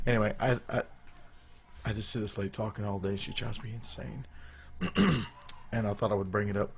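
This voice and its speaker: A man's voice: lowish voice, fairly even intonation, fairly quick, creaky, long pauses. A man co-hosting a live show, chatting casually in a rambling, jokey way with loose restarts. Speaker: podcast co-host.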